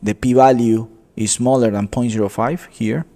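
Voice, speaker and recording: A man teaching a coding tutorial, explaining step by step, often calling viewers "guys" and pausing with fillers. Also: medium pitch, fairly even intonation, dark tone, slight background noise. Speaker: economics tutor. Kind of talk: screen-recorded coding tutorial.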